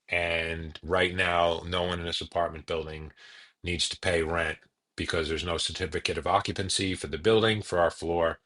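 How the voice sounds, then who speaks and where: A man's voice: low voice, a bit bright. A man voicing a friendly, matter-of-fact English neighbor with a light English accent.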